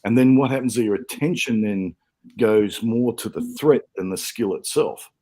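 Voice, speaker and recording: A man's voice: on the low side, normal speed, warm tone. A man talking as a podcast guest in casual chat, reflective and explaining his views.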